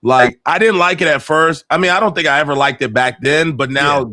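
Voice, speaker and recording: A man's voice: on the high side, fairly quick, bright, forceful tone, dry recording, studio quality. A man co-hosting a casual podcast, joking around in slangy talk and laughing often. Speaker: podcast co-host. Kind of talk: casual chat.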